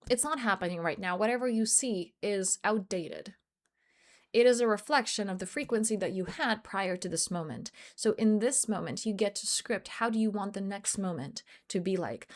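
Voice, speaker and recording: A woman life coach with a mid-range voice, speaking at normal speed, tells a personal story in an earnest motivational talk. She acts out snippets of dialogue, and English is not her first language.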